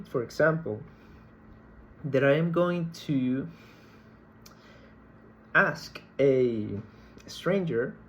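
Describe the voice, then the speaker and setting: A man giving a recorded university lecture, explaining slowly and deliberately and often repeating words as he searches for the next one. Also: mid-range voice, gravelly, a little hiss or hum, poor audio.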